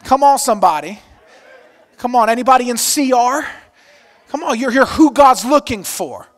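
A man preaching a sermon with energy, swinging between loud exclamations and soft, quiet passages. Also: extremely high pitch, expressive, normal speed, big-room sound. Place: church auditorium.

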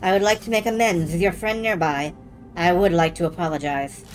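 Woman doing Scrooge, a gruff old miser. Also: on the low side, steady tone, brisk, faint music behind, pitched below the performer's own voice, close to an everyday voice. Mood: stiff, formal. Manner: stiff formal reading of game dialogue.

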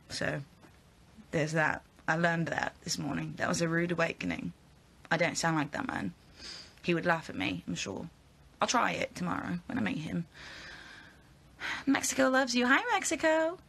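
Young actress chatting casually with fans on her phone; bright, edgy tone, chatty and rambling. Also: sits low, vocal fry, husky. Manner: chatty, giggly, rambling with fillers. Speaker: actress answering fan questions. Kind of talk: casual live Q&A chat.

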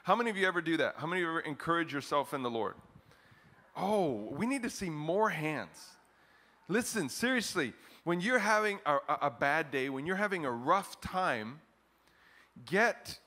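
A middle-aged man preaching a sermon as pastor to his congregation, animated, often chuckling, with his voice jumping up for emphasis. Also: a little high. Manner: chants a scripture refrain slowly, leading the congregation. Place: church service in front of a congregation.

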